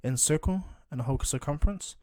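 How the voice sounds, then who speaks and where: A man voicing a confident, eager young male ninja who explains his plans loudly and earnestly in a fan story. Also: on the high side, fast, no room sound, lightly acted.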